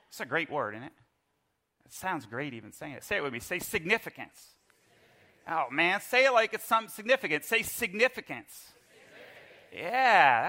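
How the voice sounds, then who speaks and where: A middle-aged man preaching a sermon in church, telling a lively personal story and leading the congregation in call-and-response. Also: fairly high pitch. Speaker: pastor. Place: church service.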